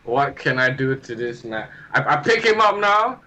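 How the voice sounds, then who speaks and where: A man's voice: medium pitch, very animated, moderate pace, sharp tone. A man playing a tabletop wrestling game, eagerly describing his character's moves in first person. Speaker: player. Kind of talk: casual role-play chat.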